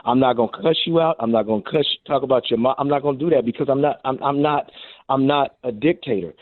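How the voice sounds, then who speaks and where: An expressive former coach speaking over a narrow, phone-like line with no room sound. He is middle-aged and talks at a mid pitch. He tells lively stories and acts out his own quotes as he goes. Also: fast talker, no echo. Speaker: guest, former NFL receiver and coach. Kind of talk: phone-in radio interview.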